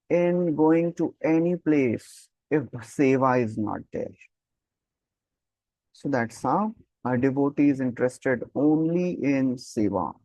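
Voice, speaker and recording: A man leads a scripture class, his voice pitched a little high. He explains at an unhurried pace, repeats key terms, and chants verses. The recording is dry and close. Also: a little mellow, no room sound, poor audio. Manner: switches between English and Hindi, chants verses. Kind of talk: scripture lecture.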